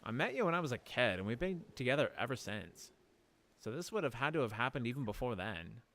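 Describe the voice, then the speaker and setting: A man's voice: medium pitch, very animated, a little fast, fairly bright tone. A man voicing a young male prince, earnest and reproachful, asking pointed questions.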